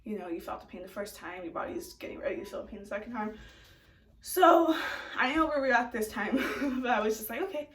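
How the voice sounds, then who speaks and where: A woman's voice: fairly high pitch, animated, brisk, a bit bright. A young woman telling a casual storytime vlog, chatty, laughing often and filling her talk with "like". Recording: echoey room, distant from mic.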